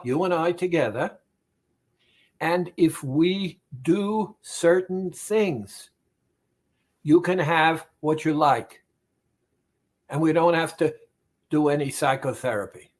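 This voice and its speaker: A man, a therapist, speaking directly to the listener about weight loss in a deliberate, repetitive, emphatic monologue. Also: fairly high pitch.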